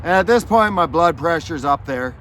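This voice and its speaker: A man's voice: on the high side, lively intonation, normal speed, a bit bright, a little hiss or hum. A man telling a story in a casual, profane and rambling way, angry as he talks. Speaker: vlogger.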